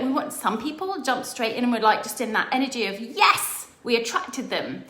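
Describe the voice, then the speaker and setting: Animated, enthusiastic middle-aged woman coach. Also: high voice, normal speed, few pauses, reverberant. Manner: enthusiastic, animated storytelling with excited quoted voices. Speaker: business coach. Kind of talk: motivational monologue.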